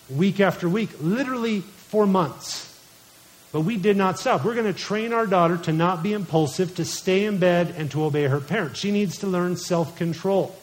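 A man in his thirties with a notably high voice delivers a sermon. He preaches earnestly, weaving family stories together with quoted scripture. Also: rough recording. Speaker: pastor.

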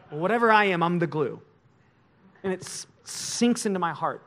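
A male pastor preaching a sermon in an emotional, confessional way, swinging from loud to hushed. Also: high voice, animated, normal speed.

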